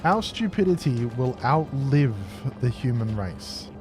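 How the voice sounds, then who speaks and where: A man's voice: mid-range voice, lively intonation, measured pace, music in the background. A man streaming a factory-building game, chatting and joking casually with his viewers. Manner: jokey, chatty, responds to chat aloud. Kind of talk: casual live-stream chat.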